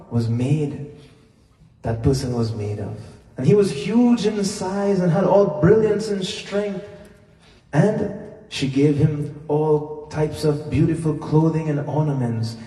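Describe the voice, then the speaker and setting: A man with a mellow, fairly high voice retells a sacred story as a sermon, slow and deliberate. He sounds far from the mic in a large echoing temple hall. Soft devotional music plays behind him. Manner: retells scripture with acted dialogue, slow and deliberate. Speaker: Hindu preacher. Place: temple hall during a festival.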